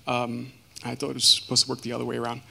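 A man giving a personal testimony as a guest speaker, earnest and halting, with many fillers and restarts. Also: mid-range voice, completely flat delivery, creaky, sharp tone, slight background noise.

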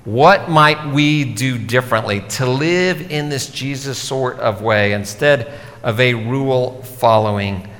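Male pastor, mid-pitched, conversational sermon delivery, long hall reverb. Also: slow pace, fairly bright tone. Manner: conversational, explanatory preaching.

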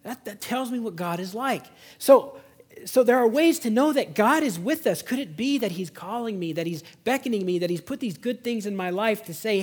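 A man preaching a Sunday sermon as a pastor, swinging between loud exhortation and hushed, intimate emphasis. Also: high voice, animated, brisk, husky. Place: church service.

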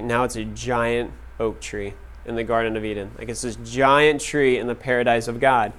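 Smooth-voiced man telling stories in class. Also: mid-range voice. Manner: casual, many "like" fillers, laughing at own stories. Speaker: class teacher. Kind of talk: storytelling talk to a class.

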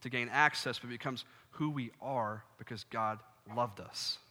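A young man preaching a sermon, telling funny stories and acting out scenes with sudden loud outbursts. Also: medium pitch, normal speed. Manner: animated, jokey, acts out scenes with sudden loud bursts. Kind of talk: sermon with storytelling. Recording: long hall reverb.

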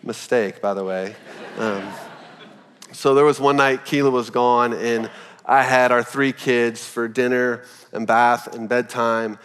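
A man's voice: medium pitch, a little slow, clear, resonant tone. Conversational male pastor preaching in a reverberant hall. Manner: conversational, animated storytelling with frequent "like". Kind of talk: sermon. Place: church auditorium.

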